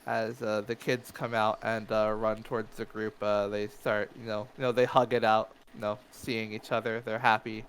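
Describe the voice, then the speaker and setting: A man's voice: on the low side, level tone, normal speed, hardly any pauses, a bit bright, a little hiss or hum, low-quality recording. A man narrating as game master of a tabletop game, hesitant and full of fillers.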